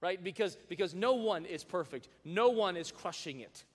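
A male pastor preaching in an animated way and reading scripture aloud with emphasis. He has a slightly high voice and coaxes his listeners to repeat phrases back to him. His voice rings out with a long reverb from a large church hall. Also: normal speed. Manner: reads scripture in old-fashioned wording with rising emphasis. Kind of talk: sermon.

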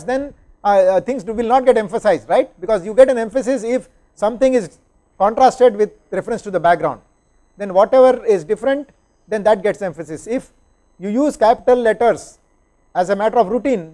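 A man's voice: high-pitched, brisk, warm tone. A man, lecturing and answering questions, explaining step by step and often checking understanding with "right?" and "okay?".

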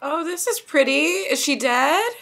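A woman's voice: high-pitched, animated, measured pace, creaky, fairly bright tone, soft background music. A young woman hosting a casual anime reaction, chatty and exclamatory, swearing and laughing as she talks.

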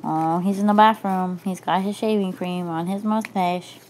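A woman improvising a silly story from pictures, playful, crude and deadpan. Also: on the low side, normal speed, few pauses.

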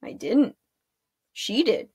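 A woman's voice: slow pace, warm tone, no room sound, lightly acted. A woman voicing a cocky young warlock boy who teases and wisecracks in a storybook read-aloud. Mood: teasing. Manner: teasing, wisecracking.

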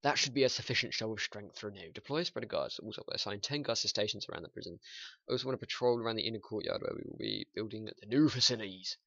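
A man's voice: lowish voice, expressive, quick pace, bright, forceful tone, no echo, lo-fi sound. A man commentating a game playthrough, hyper and sweary, reading the objectives aloud as he goes.

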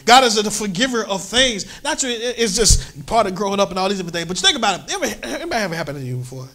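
Bright-voiced preaching man. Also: sits high, very animated, rapid-fire. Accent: New York. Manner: preaching with rising, emphatic repetition. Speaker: pastor. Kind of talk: sermon. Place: church sanctuary.

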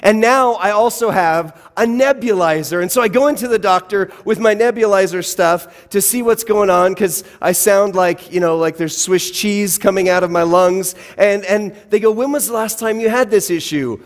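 A man's voice: high-pitched, normal speed, few pauses. A man preaching a sermon as pastor, telling a personal story with wry, self-deprecating humor. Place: church sanctuary. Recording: long church-hall reverb.

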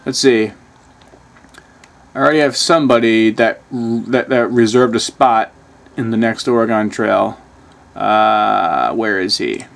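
A man casually commenting on a video game he plays, reading screen text aloud, muttering and swearing often. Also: medium pitch. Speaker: gaming channel host.

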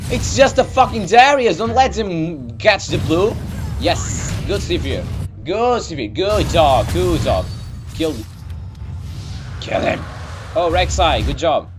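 Excitable young gamer shouting over music. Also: male voice, a little high, takes it slowly. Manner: shouty, swearing, jokey voices. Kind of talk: excited gaming commentary. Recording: gameplay music behind voice.

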